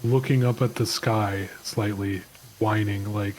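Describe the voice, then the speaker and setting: A man chatting casually while gaming, telling halting, rambling stories full of fillers. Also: on the low side, fairly even intonation, darkish tone, slight background noise. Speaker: game stream co-player. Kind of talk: casual chat.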